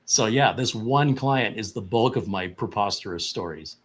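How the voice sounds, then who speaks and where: Animated man telling a tech story. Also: on the low side, moderate pace. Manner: animated, incredulous retelling with laughs. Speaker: tech support co-host. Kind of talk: casual storytelling on a live stream.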